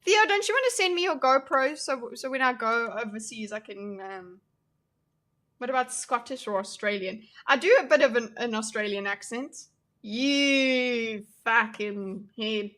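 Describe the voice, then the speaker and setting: A young woman hosts a casual livestream, chatting with her viewers. Her voice sits a little high with a bright, forward edge. She is jokey and self-deprecating and laughs easily. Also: moderate pace. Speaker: livestream host. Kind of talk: casual livestream chat reacting to chat.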